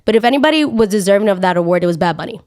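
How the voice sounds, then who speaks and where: A young woman talks on her own podcast in a lively, opinionated rant. She swings between easy chat and sudden high, loud bursts of indignation. Her tone stays casual and direct. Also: racing. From Latina. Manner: animated ranting, jumps up high when outraged. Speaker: podcast host.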